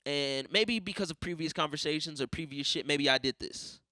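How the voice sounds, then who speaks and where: A man's voice: on the high side, brisk, bright, forceful tone, no room sound, studio quality. A young man hosting a podcast, ranting casually with lots of swearing and telling stories by acting out other people's voices. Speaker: podcast host. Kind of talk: casual monologue.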